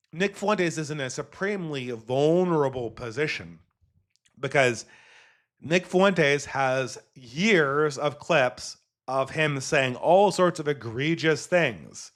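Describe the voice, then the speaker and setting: A man's voice: a little high, fairly bright tone. A man hosting a solo commentary podcast, talking casually in a rambling, digressive way and swearing now and then. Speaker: podcast host.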